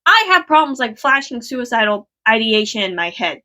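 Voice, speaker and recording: A woman's voice: on the high side, big pitch swings, moderate pace, hardly any pauses, pushed and bright. A young woman talking casually to her viewers in a vlog, rambling with lots of fillers and frequent swearing. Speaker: vlogger.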